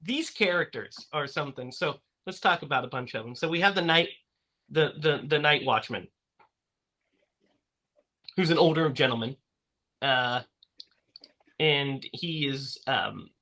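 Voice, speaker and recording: Hosting a laid-back movie-review podcast, a man speaks in a slightly high voice with a bright, forward edge. His delivery is unhurried and rambling, full of restarts, fillers, and long pauses, and he laughs easily between points.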